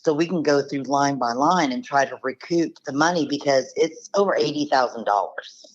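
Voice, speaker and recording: A guest, niece of a scam victim, describes her uncle's losses in a blunt, emphatic, casual manner, acting out the quotes. Her voice is bass-deep and moderately paced. The recording sounds muffled.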